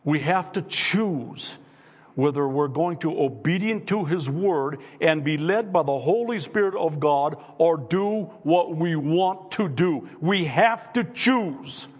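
A man's voice: a little high, animated, takes it slowly, slightly rough, long reverb tail. A man preaching a sermon as pastor in a church, earnest and insistent, asking his listeners repeated rhetorical questions. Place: church sanctuary.

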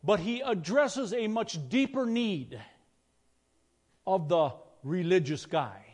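A pastor delivers a sermon in a relaxed, conversational way, pausing to ask his listeners questions. His voice sits high for a man. The sound carries the long reverb of a large church hall. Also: breathy edge. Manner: conversational preaching, asks the congregation questions.

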